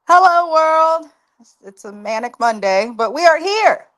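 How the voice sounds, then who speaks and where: A woman's voice: a little high, sing-song, normal speed, rough recording. A woman co-hosting a reality show recap, chatting casually with laid-back asides. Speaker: co-host.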